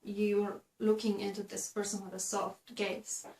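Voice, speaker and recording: Woman host, unhurried talk to camera with lots of ums and restarts, roomy echo. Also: mid-range voice, flat delivery, darkish tone. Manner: slow, halting, many fillers and restarts. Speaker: video host giving advice. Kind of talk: casual instructional talk to camera. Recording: echoey room.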